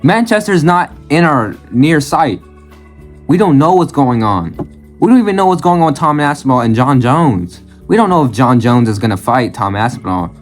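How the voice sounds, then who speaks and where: An expressive, medium-pitched man speaks at normal speed over soft background music while reacting bluntly on his channel. His delivery is a rant full of free swearing and phrases repeated in bursts.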